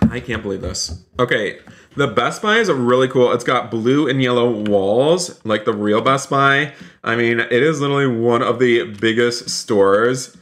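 A man's voice: medium pitch, unhurried, fairly bright tone. Chatty male game streamer. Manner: chatty, addresses viewers as guys, exclaims often. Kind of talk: live gaming commentary.

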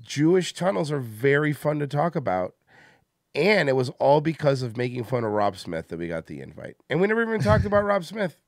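A man's voice: on the high side, very animated, a little fast, no echo. A man hosting a comedy podcast, rambling and joking in casual banter, worn out from a busy day. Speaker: podcast host.

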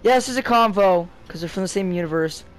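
A young man giving casual, rambling commentary while playing a fighting game, getting excited and shouting at the game. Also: high voice, fast, faint music behind. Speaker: gameplay commentator.

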